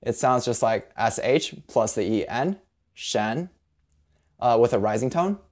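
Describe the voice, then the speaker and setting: Patient, lively language teacher. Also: medium pitch. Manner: patient, spells sounds out slowly. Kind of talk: video lesson.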